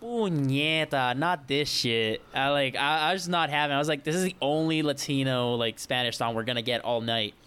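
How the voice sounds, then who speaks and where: A man's voice: mid-range voice, fairly even intonation, fast, few pauses, a bit bright, clean tone. A young man on a podcast telling a story in a casual, rambling way, with many restarts and acted-out quotes. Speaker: podcast co-host.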